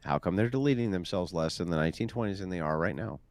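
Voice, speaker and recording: A man's voice: deep voice, fast, a little mellow, no room sound. A man in a heated online debate, mocking his opponents and repeating his points insistently. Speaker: debate guest.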